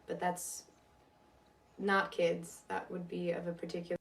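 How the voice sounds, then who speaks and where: Woman, panelist, flat low voice, distant mic. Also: unhurried, gravelly.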